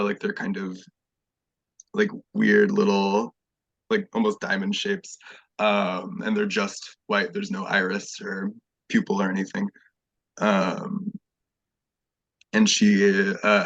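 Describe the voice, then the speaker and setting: A man's voice: fairly low pitch, lively intonation, takes it slowly, creaky, fairly bright tone, breathy edge, dry recording. A man describing his character in an online tabletop game, rambling with many fillers. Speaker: player. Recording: dull lo-fi mic.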